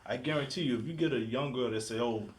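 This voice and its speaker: A man's voice: medium pitch, fast talker, a little hiss or hum. Guy on a podcast, agreeable, keeps saying mm-hmm and yeah. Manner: agreeable, lots of affirmations. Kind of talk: casual chat.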